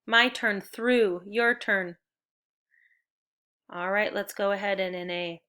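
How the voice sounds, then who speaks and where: A woman teacher leading a spelling lesson for young children, upbeat and encouraging as she gives clear step-by-step directions. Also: medium pitch, slow pace, long pauses, bright, forceful tone.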